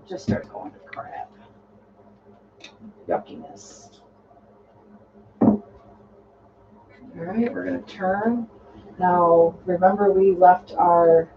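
An easygoing host talks through a sewing project step by step, calm and practical while cutting fabric. The voice sits at an ordinary middle pitch and is picked up from a distance. The sound is dull and lo-fi, with a faint hum of room ambience behind it. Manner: relaxed, instructive, talking while cutting fabric. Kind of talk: casual step-by-step sewing tutorial.

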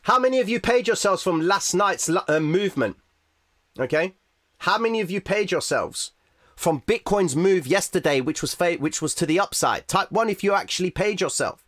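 Casting: male live-stream host, high voice, dry close sound, excitable running commentary. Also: no echo. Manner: excitable, talks fast to the audience as "ladies and gentlemen".

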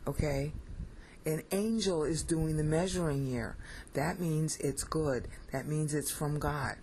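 Bible study teacher, mid-pitched voice, blunt and emphatic, keeps asking the listener "okay?". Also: slow pace, darkish tone, a little hiss or hum, poor audio.

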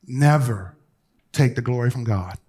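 This bishop's sermon comes in a slightly rough, medium-pitched male voice at an unhurried pace. He narrates stories with casual asides, moving from loud and lively moments to quiet, hushed urging of his congregation.

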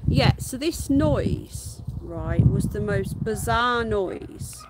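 A woman's voice: medium pitch, animated, extremely slow, very noisy. A woman, chatting casually on a live stream from her garden and cooing to her pet rabbits in baby talk. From England. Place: outdoor garden.

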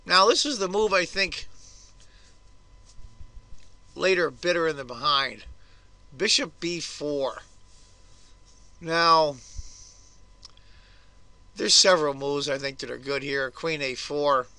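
A hoarse man hosting his own chess video, talking through a game's moves with blunt, grumbling asides. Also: a little high, slow pace, pauses often, bright, forceful tone, no echo. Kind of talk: casual chess game commentary.

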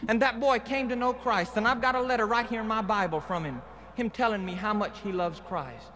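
A man's voice: sits high, brisk, big-room sound, a crowd in the background. A man with a Southern accent giving a plain-spoken, earnest personal testimony from a stadium stage, in an old archival live recording. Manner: earnest, plain-spoken, steady preaching cadence. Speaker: guest speaker giving testimony. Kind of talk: evangelistic testimony speech. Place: outdoor stadium rally.

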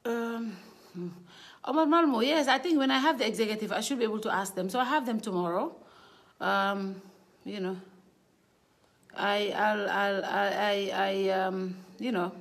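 Woman hosting a live stream: loose, chatty, quick to laugh, greets viewers by name. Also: mid-range voice. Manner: chatty, laughing, reads out viewer names, switches between languages. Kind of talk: casual live stream chat. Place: indoor studio.

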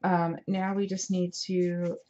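A craft video host speaks slowly in a lowish, dark voice with a level tone. Talking casually as she works, she's chatty and self-deprecating, and the home recording is dull, lo-fi, and noisy.

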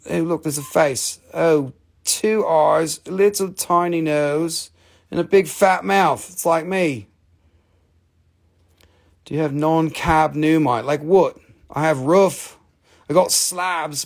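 Gravelly, profane man selling rocks live. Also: a little high. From Appalachian Valley, USA. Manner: rambling, profane, joking. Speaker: live-stream rock and mineral seller. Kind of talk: casual live sales chat.

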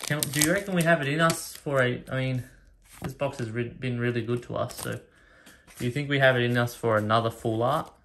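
A man casually opens card packs, reading each card's name aloud one by one and getting excited over the rare pulls. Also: mid-range voice, brisk, noisy background. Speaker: card collector opening packs. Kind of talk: casual pack-opening commentary. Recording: card and wrapper rustling behind voice.

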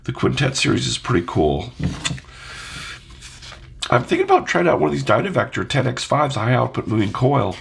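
A man's voice: medium pitch, wildly swooping pitch, normal speed, creaky, pauses often, slight background noise. A man with a stuffed-up nose talking casually to camera, musing and asking his viewers questions. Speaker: audio vlogger.

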